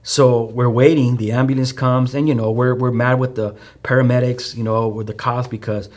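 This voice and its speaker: A man's voice: mid-range voice, level tone, moderate pace, a little mellow. A man with a Chicano English accent, a guest telling a personal testimony in a loose, storytelling way, with many fillers and restarts. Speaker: podcast guest.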